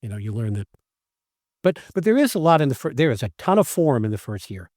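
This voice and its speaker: Guy cohosting a podcast, lively storyteller acting out quotes, mid pitch, dry close sound. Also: fast, no room sound. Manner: animated storyteller who acts out quoted lines. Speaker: podcast co-host, acting teacher. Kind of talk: casual conversation.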